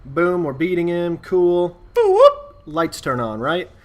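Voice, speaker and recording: A man's voice: fairly high pitch, a little slow. Man rambling through a casual story. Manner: rambling, relaxed, full of fillers and asides. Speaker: gaming YouTuber. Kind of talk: casual storytelling over gameplay.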